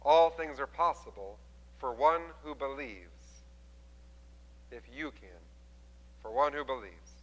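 A man preaching a sermon as a pastor, telling the story with animated delivery and acting out the quoted voices. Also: medium pitch, slow, pauses often, long reverb tail, muffled recording.

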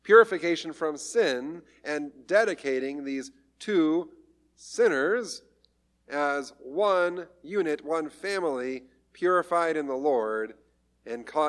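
Chatty preacher, a man with a slightly high voice. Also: fairly bright tone. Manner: conversational storytelling with light humor. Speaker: pastor. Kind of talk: sermon.

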